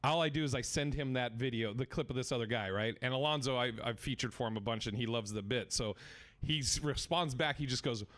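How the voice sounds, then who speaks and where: A man's voice: mid-range voice, brisk. Guy comic telling road stories on a podcast, cusses a lot, acts out the quotes. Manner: swearing, animated storytelling with acted-out quotes. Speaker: comedian. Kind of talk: storytelling on a podcast.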